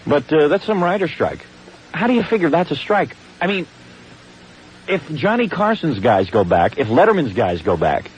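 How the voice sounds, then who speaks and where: A man's voice: on the high side, sing-song, normal speed, a little hiss or hum, rough recording. A man hosting a radio talk show, bantering in a blunt, teasing, joking way. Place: radio studio.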